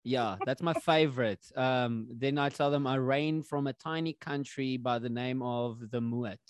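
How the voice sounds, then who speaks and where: A man's voice: mid-range voice, a little slow, clean tone, no room sound, studio quality. A man hosting a podcast in a playful, upbeat casual chat. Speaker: podcast host.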